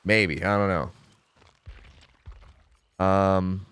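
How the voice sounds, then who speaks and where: In a dry recording, a young man casually chats with his stream while playing a game, rambling, swearing freely, and second-guessing himself. He speaks very slowly in a low, steady voice that's clear and resonant with a fairly bright tone.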